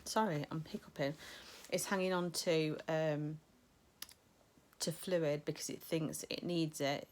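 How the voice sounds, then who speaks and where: Middle-aged woman, vlogger, low-ish voice, casual rambling chat. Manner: chatty, rambling, many ums. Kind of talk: casual weight-loss vlog chat.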